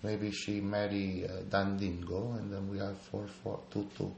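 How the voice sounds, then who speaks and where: A man's voice: on the low side, flat delivery, moderate pace, gravelly, a little mellow. A man playing a rambling oddball who speaks broken English and repeats himself. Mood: earnest rambling. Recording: echoey room, audible noise.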